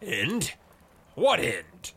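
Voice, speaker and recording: Man voicing a loud, swaggering storybook sea captain, lively and gravelly. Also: sits high, drawn-out words, pitched above the performer's own voice, heavily acted. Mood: exuberant. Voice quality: roaring, impassioned.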